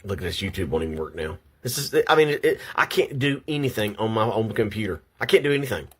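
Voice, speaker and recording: A man's voice: fairly low pitch, lively intonation, quick pace, slightly rough. Shaky, agitated older man ranting. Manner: agitated, repeats himself, stumbles over words. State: shaky and upset. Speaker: vlogger. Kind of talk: angry personal rant to camera. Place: at home at his computer.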